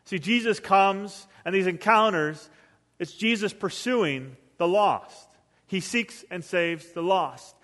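A middle-aged pastor, preaching a sermon with lively storytelling and sudden swings between loud and soft. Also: male voice, high voice, slow. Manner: storytelling with acted quotes, animated swings in volume. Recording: long reverb of a hall.

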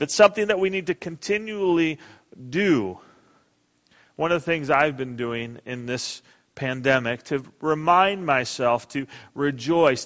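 A middle-aged man preaching a sermon as pastor, earnest and emphatic, dropping soft and quiet in prayer. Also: fairly high pitch, in a large hall.

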